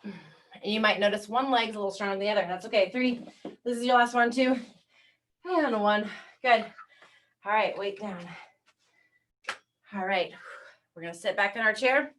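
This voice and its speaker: Fitness instructor, woman, mid pitch; encouraging countdowns, recorded a bit away from the mic. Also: normal speed, long pauses, recorded from a distance, slight background noise. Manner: encouraging counting cues, calm coaching. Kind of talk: guided workout class.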